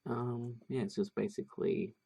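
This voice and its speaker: A man's voice: on the low side, moderate pace, vocal fry, mellow, breathy edge. A man narrating a drawing tutorial casually, thinking aloud with many fillers and restarts. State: has the hiccups.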